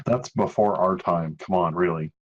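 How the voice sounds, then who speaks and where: Game master, man, fairly low voice, dry jokes, muffled lo-fi sound. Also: moderate pace. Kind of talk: narrating a tabletop game. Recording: dull lo-fi sound.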